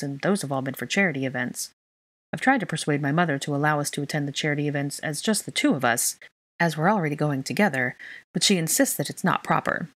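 A woman's voice: low voice, no room sound. A woman voicing a composed, lightly teasing young man in a fan fiction reading.

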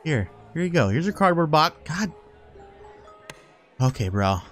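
A man playing a horror game on a headset mic, excitable, laughing often and swearing at the game. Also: on the high side, a little slow, faint music behind. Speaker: gaming YouTuber. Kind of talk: let's-play commentary.

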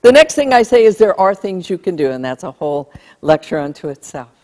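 A woman's voice: lowish voice, big pitch swings, fairly quick, a little mellow. A woman giving an emphatic keynote talk on bullying to a live audience, acting out what parents and kids say. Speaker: speaker on bullying. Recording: long hall reverb.

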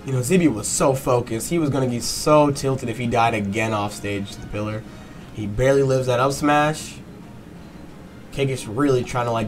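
A man giving a fast, excited play-by-play breakdown of a fighting game match, swearing and breaking into excited bursts. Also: medium pitch. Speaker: match analyst.

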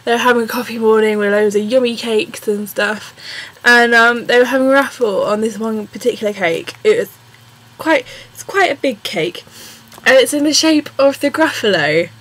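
A young English woman talking straight to camera in a casual vlog. Her voice sits a little high, and she rambles along with lots of ums and bursts of excitement. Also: moderate pace, poor audio. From England. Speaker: vlogger.

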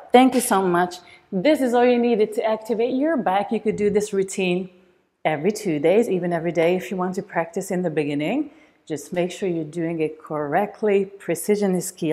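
A woman's voice: mid-range voice, dark tone. Breathless, encouraging woman pilates instructor. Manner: encouraging, counts reps, demonstrates while talking. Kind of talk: instructional workout coaching.

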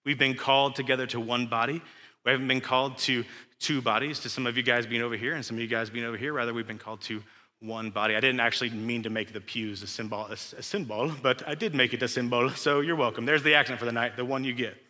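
A man's voice: mid-range voice, fairly even intonation, fast talker, sharp tone. A young man preaching a casual, emphatic sermon full of rhetorical questions, recorded in a church sanctuary. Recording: echoey church hall.

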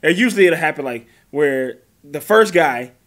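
A man's voice: fairly high pitch, lively intonation, moderate pace, a bit bright. A man co-hosting a podcast, recapping a TV episode in loose slang and acting out scenes with voices. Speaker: podcast co-host. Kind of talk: casual TV recap chat.

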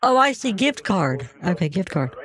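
A man's voice: sits high, very animated, moderate pace, fairly bright tone, pitched above the performer's own voice. A man voicing a sassy, talkative older woman who feigns confusion and keeps calling the caller honey. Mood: sassy confused. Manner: chatty, feigns confusion, calls him honey. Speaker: scam baiter.

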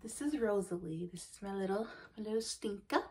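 A woman's voice: mid-range voice, expressive, a little fast, a little mellow. Young woman, casual vlog chat, tired, out of breath, lots of fillers, slips into whispers. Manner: chatty, many fillers, often drops to a whisper. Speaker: vlogger.

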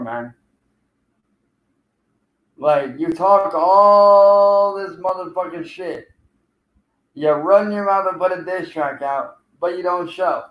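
Man trash-talking on a livestream, echoey. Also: fairly high pitch. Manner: taunting, profane, calling out a rival. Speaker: streamer.

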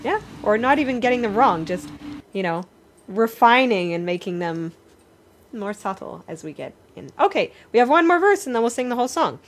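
A woman teaches a vocal workshop over a video call. Her voice sits fairly high, and she moves between friendly explanation and sung examples, always encouraging her students. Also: very animated, normal speed. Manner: encouraging, demonstrates phrases by singing. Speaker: singing teacher.

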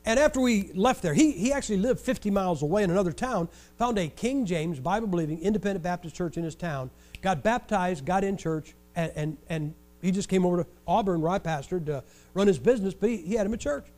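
An older man from Ohio preaches in a noticeably high voice. He tells his stories with animated energy and lands jokes with dry, wry sarcasm. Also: fast talker. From Ohio, USA. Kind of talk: storytelling sermon.

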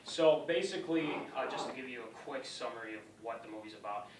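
A man's voice: medium pitch, a little fast, background noise. A young man giving a casual class presentation, rambling in loose phrases. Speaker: student presenter. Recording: roomy classroom sound, from far off.

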